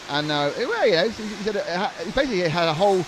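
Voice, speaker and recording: A man's voice: high-pitched, lively intonation, fairly quick. A young man doing live race commentary in a joking, rambling way, often stammering and restarting. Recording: noisy trackside broadcast.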